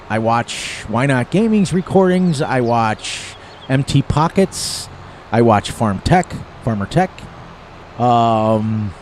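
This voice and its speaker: An older man in his sixties, from the eastern United States, talks through a farming game in a loose, rambling way. His voice sits at a medium pitch, and he chuckles at his own jokes. Faint outdoor noise hums behind him. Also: darkish tone. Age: 60s. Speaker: gaming streamer. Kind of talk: casual gameplay commentary.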